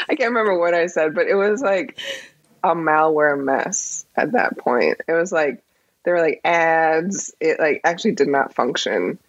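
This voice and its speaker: Guest voice: woman, low and husky, dry dull recording, chatty and laughing. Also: a little slow, no echo. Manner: laughs often, animated storytelling. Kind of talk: casual interview chat.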